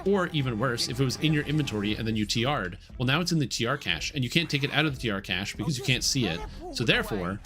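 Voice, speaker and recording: A man's voice: medium pitch, lively intonation, quick pace, hardly any pauses, fairly bright tone, faint music behind. A man streaming a game, chatting candidly and explaining things as he plays. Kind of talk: casual gameplay commentary.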